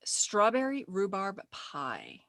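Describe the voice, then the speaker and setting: A middle-aged woman chatting as a podcast guest, animated and quick to laugh while telling stories. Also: medium pitch, vocal fry, dry recording, clean studio sound. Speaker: podcast guest, speaker agent. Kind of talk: casual interview chat.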